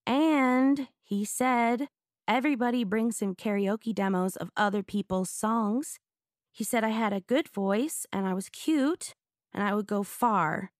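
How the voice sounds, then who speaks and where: A woman voicing an eager, determined young girl in an audiobook, speaking brightly and earnestly. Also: fairly high pitch, a little slow, no echo, studio quality, close to an everyday voice.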